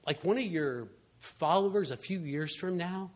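A man delivers a relaxed, conversational sermon and sounds more like he's telling stories to friends than lecturing. His voice sits a little high for a man. His delivery is animated and peppered with casual fillers. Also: normal speed. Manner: animated storyteller, frequent fillers like "I mean" and "you know". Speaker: pastor.

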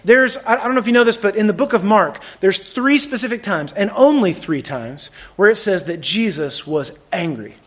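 Animated high-voiced male preacher. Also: moderate pace, hardly any pauses. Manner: animated, conversational preaching with swings between loud and hushed. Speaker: pastor. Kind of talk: sermon.

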